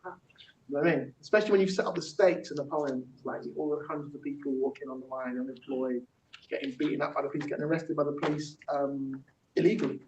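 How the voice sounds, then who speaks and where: A man's voice: mid-range voice, quick pace, a little mellow, a little hiss or hum. A man running a workshop, talking in a loose, chatty way with many fillers and restarts, and breaking into spoken-word poetry. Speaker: workshop facilitator. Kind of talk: teaching workshop with spoken-word poem performance. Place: large echoey workshop room. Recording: roomy, distant, dull room recording.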